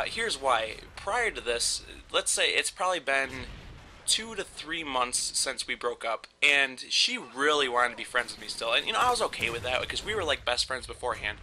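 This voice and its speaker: A man's voice: mid-range voice, bright, forceful tone, slight background noise. A young man casually telling a story over gameplay, rambling and swearing often with frequent laughs. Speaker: gaming commentator.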